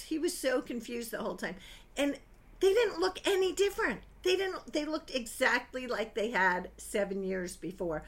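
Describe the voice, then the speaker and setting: An older woman giving chatty, gossipy film reviews to camera, animated and prone to exclaiming. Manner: animated, gossipy, swings into high exclaiming bursts.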